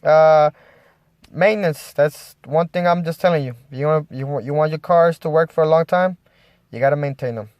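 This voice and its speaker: A man's voice: fairly high pitch, normal speed, darkish tone, no echo. Rambling man with a dry close sound. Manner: rambling, many restarts. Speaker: vlogger. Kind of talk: casual rant to camera.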